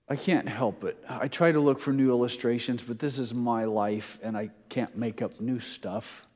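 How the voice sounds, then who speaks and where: A man's voice: mid-range voice, moderate pace, darkish tone. Middle-aged guy preaching, chatty style, reads verses out with feeling, big hall with a long echo. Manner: conversational preaching, reading scripture aloud with emphasis. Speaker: pastor. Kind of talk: sermon. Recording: long reverb of a large hall.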